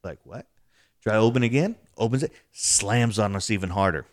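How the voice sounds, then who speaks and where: A man casually telling an excited story about a paranormal investigation, acting out what was said. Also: brisk, dry recording, studio quality. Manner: excitable, acts out quotes, rising pitch when telling.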